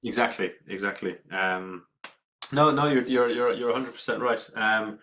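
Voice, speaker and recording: A man's voice: fairly low pitch, moderate pace, bright, forceful tone, slight background noise. A man from Ireland hosting an online whisky tasting, reading out viewer comments in a friendly, rambling way with frequent ums. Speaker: tasting host. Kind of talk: casual online tasting chat.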